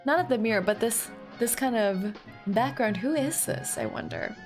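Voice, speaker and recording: A young woman streaming a game, chatting casually and breaking into drawn-out, whining cries. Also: on the high side, lively intonation, over music. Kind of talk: casual gameplay commentary.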